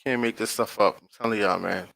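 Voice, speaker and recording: A man hosting his online channel, reading aloud from a screen-shared page and commenting in a slow, drawn-out way, often checking in with his viewers and talking to them in casual slang. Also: fairly low pitch, fairly even intonation, vocal fry, fairly bright tone, no echo, low-quality recording.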